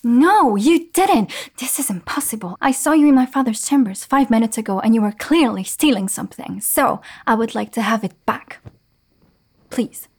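A woman's voice: on the high side, breathy edge. A woman playing a haughty sword-wielding noblewoman, whispered role-play. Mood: demanding. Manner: haughty, demanding. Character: defiant young noblewoman with a sword.

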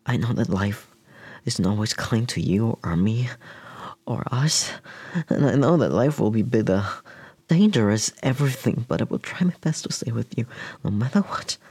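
A man's voice: fairly low pitch, darkish tone, husky, no echo. A man in an intimate whispered role-play, speaking hesitantly to the listener and often dropping to a whisper.

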